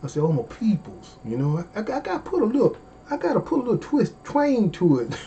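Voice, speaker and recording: A man, hosting a comedy livestream in casual chat, animated and folksy, with drawn-out exclamations. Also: high voice, highs cut off, a little hiss or hum.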